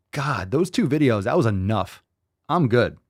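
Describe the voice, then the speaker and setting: A man's voice: medium pitch, very animated, takes it slowly, dry recording, clean studio sound. A man hosting a podcast, ranting casually with heavy swearing and repeating phrases for emphasis. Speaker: podcast host.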